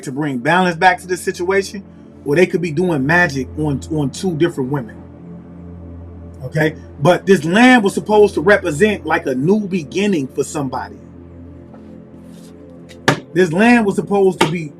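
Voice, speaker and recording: High-voiced man doing a tarot reading. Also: expressive, moderate pace, faint music behind. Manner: musing, repetitive, calls on spirit. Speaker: tarot reader. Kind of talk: casual spiritual reading.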